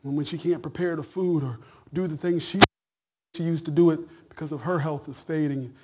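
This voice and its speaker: A middle-aged male pastor preaching a sermon in a conversational, folksy way, stammering and then rising to loud shouted peaks. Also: a little high, fairly even intonation, fairly quick, heavy background noise.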